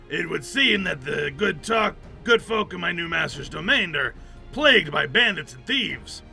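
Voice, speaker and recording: A man's voice: fairly high pitch, vocal fry, pushed and bright, heavily acted. A man voicing a formal, solemn male samurai in a game, with lofty phrasing.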